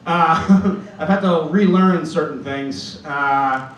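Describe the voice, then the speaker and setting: Middle-aged comic on an echoey stage. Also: male voice, a little high, takes it slowly. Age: 50s. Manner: storytelling, acts out quoted voices. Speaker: stand-up comedian. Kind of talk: stand-up set. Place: comedy club stage. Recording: echoey club from far off, loud ambience.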